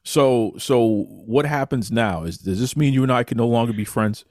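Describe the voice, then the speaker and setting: A man's voice: medium pitch, normal speed, a little mellow, dry recording, clean studio sound. A man from Boston hosting a show, teasing his guest in a playful, mock-serious way. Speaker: podcast host. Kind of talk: casual chat, mock news delivery.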